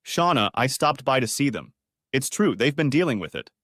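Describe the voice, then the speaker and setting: A blunt, commanding businessman husband, stung by betrayal, barking short orders, as a man reads him. The voice sits at a middling pitch and sounds dry and close, with no room around it. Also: sing-song, normal speed, fairly bright tone, no room sound. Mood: curt.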